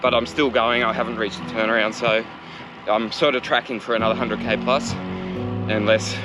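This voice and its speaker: A man's voice: on the low side, flat delivery, normal speed, low-quality recording. Man, bike vlog, chatty and self-deprecating, outdoor road, music underneath. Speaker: cycling vlogger. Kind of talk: casual talk to camera while riding. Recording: wind noise over a bike-mounted camera.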